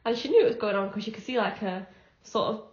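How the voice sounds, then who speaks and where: A woman's voice: mid-range voice, quick pace. A young woman co-hosting a podcast, chatting casually and acting out the dialogue in the stories she tells, with frequent laughter. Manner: chatty storyteller, acts out the dialogue in her anecdotes, laughs often. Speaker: podcast co-host. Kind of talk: casual chat. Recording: echoey room, dull lo-fi sound.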